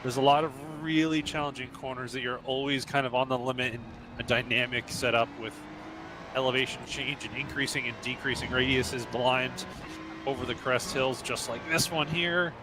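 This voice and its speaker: A man talks through each lap in a sim racing club, keeping a steady, mid-pitched voice as he calls out short, clipped instructions. Car engine noise runs clearly under him the whole time. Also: moderate pace. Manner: terse running instructions while driving. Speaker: racing driver and coach. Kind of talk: live-stream driving commentary.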